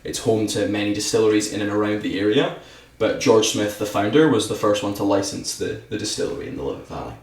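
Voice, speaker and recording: An eager Scottish man explains whisky on a podcast in a low voice. He sits a little back from the mic, and the room echoes around him. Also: fast talker, a little mellow, recorded from a distance. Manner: enthusiastic, talks with his hands, says "absolutely" often. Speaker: distillery ambassador guest. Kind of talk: podcast conversation. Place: podcast studio.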